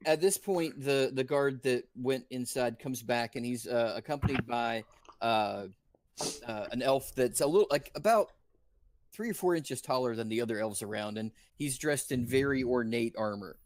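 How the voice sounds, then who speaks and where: A man narrating a tabletop game as dungeon master, halting often with fillers. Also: medium pitch, dry recording. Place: indoor stream room.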